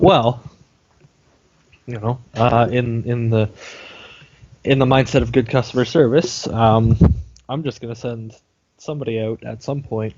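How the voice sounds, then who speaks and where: A man's voice: medium pitch, a little mellow. A young man co-hosting a podcast, telling a long story in a casual, rambling way with lots of fillers and the odd swear word. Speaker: podcast co-host. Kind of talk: casual chat. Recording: dull lo-fi sound with faint noise.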